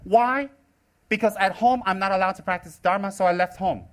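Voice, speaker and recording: Brief: American man in his forties, high-pitched, teaching dharma with sharp sarcastic teasing. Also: a little fast. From United States. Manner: teasing, sarcastic, animated delivery. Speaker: Buddhist teacher. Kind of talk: live dharma talk.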